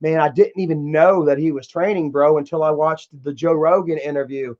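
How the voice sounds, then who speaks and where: A man's voice: a little high, steady tone, brisk, a little mellow, dull audio. A man streaming live, telling rambling, profane stories to his chat and laughing along as he goes. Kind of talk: casual storytelling to chat.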